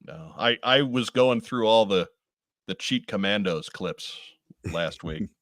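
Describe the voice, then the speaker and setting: A man co-hosting a casual podcast, talking in halting bursts and often repeating his first words. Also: fairly low pitch, lively intonation, a bit bright, dry recording. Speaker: podcast co-host.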